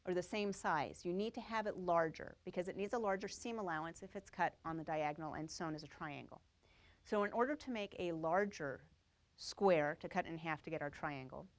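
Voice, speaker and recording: A woman teaching a quilting class, explaining each step and checking that the students follow. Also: lowish voice. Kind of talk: live classroom demonstration.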